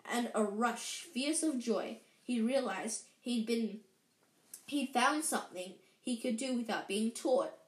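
A woman reading a children's story aloud in a lively way, with frequent slips and restarts. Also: a little high, slow. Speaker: reader. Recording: roomy echo.

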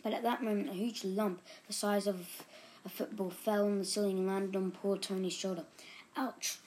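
A woman reading a children's book aloud in a steady, expressive storytelling manner. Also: medium pitch, normal speed, slight background noise. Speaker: reader.

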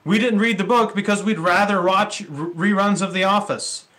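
A man's voice: high voice, moderate pace, bright, forceful tone. A male pastor preaching a sermon in a conversational way, with rhetorical questions and casual asides.

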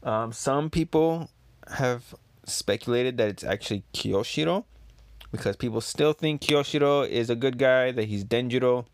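Casual comic reviewer, man, mid-pitched, rambling, dry close sound. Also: moderate pace, no room sound. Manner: rambling, filler-heavy.

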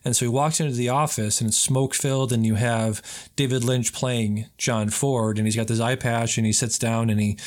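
A man's voice: mid-range voice, moderate pace. Man animatedly retelling a film scene. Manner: animated retelling with acted quotes. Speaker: podcast co-host. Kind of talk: casual film review chat.

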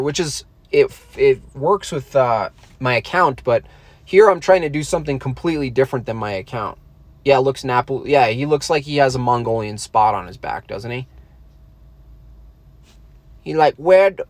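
A man streaming as he draws, talking in a rambling way with deadpan jokes and trailing fillers. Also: medium pitch, no room sound. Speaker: artist streaming while drawing. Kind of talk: casual rambling stream chat.

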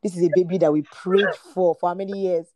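Female host, casual, warm low voice, dry close sound. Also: steady tone, brisk, dry recording. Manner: chimes in with short affirmations. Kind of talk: casual chat.

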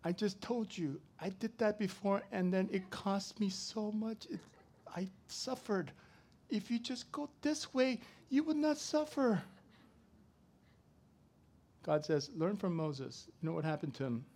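A middle-aged man preaching a sermon, swinging from loud to soft as he tells a story. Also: high-pitched, lively intonation, a little slow. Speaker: pastor.

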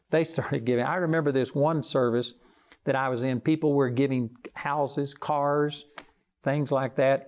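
A man preaching a televised sermon, telling stories earnestly and rising for emphasis. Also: a little mellow. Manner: earnest storytelling, rises in pitch for emphasis.

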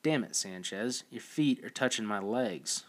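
A man's voice: fairly low pitch, animated, measured pace, fairly bright tone. A male narrator doing a grumbling young archer.

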